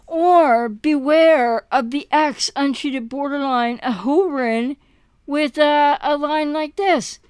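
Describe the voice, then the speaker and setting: A relationship recovery coach speaks straight to camera in an impassioned monologue, asking rhetorical questions and repeating words for emphasis. Her high voice has a darkish tone and a slightly slow pace, captured in clean studio sound without echo.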